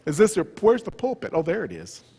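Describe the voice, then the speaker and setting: A man's voice: on the high side, wildly swooping pitch, a little fast, gravelly, mellow, husky. A man from the Southern US with a Southern accent, giving a humorous retreat talk and quizzing the audience. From Southern US, Memphis area. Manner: joking, conversational, engaging the audience with questions. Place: church. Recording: reverberant church hall.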